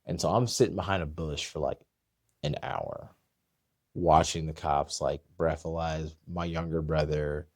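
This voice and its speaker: Deep-voiced man telling a story. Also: unhurried, no room sound, studio quality. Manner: animated, acts out quoted voices. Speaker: podcast guest. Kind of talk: casual storytelling.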